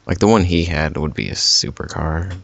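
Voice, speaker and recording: A man's voice: deep voice, moderate pace, vocal fry, a bit bright, dry recording. A man co-hosting a casual podcast, laid-back and jokey, often laughing. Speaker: podcast co-host. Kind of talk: casual chat. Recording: dull lo-fi sound.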